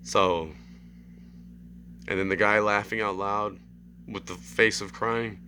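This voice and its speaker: A man's voice: on the low side, takes it slowly, a little hiss or hum. A young man rambling through a story in a casual monologue, often asking "right?". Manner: animated, acts out screams and quotes. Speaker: vlogger.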